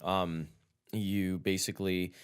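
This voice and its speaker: A man hosting a casual podcast chat, talking bluntly and swearing a lot, getting loud and animated as he tells stories. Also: low-pitched, slow pace, smooth. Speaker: podcast host.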